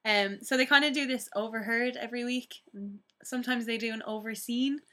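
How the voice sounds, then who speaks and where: A woman's voice: a little high, steady tone, a little fast, sharp tone. A woman co-hosting a podcast, chatting casually and laughing often. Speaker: podcast co-host.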